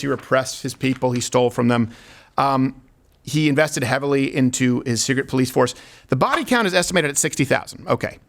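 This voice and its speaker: A man's voice: mid-range voice, gravelly. A man hosting a comedic talk show, joking and rambling. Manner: joking, rambling, laughs at his own stories. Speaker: host.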